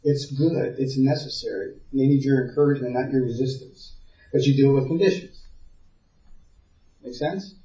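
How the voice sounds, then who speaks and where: A man with a mellow, relaxed voice gives a parenting talk to a room full of people, telling personal stories, often repeating words, and stopping to check whether the room follows him. He is heard from a distance in an echoey hall. The sound is dull and muffled. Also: medium pitch, moderate pace, pauses often. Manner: storytelling, repeats words while thinking, asks the audience. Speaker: parenting seminar speaker. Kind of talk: conversational teaching talk. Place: seminar room with a live audience. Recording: dull, roomy sound from far off.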